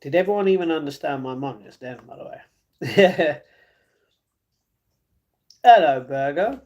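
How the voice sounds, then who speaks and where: Slow-talking London man chatting on stream. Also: a little high, expressive, a little mellow. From London, England. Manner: reads chat messages aloud and answers them, chuckles often. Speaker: livestreamer. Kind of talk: casual live stream chat. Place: at home.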